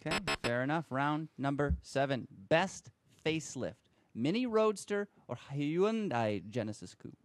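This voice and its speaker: A man hosting a casual car podcast, running quick quiz rounds and joking with his panel. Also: fairly high pitch, expressive, no echo.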